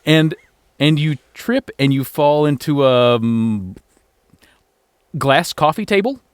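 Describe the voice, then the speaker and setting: A man telling an absurd bit as a comedy podcast panelist, deadpan and halting. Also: on the high side, smooth. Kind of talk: casual comedic banter.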